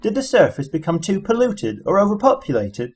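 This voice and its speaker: A flustered, indignant ordinary Englishman, as a male narrator puts him on. His questions come out querulous and pitched high with exasperation, and the voice keeps a husky edge. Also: very animated, brisk, darkish tone, full character voice. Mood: exasperated.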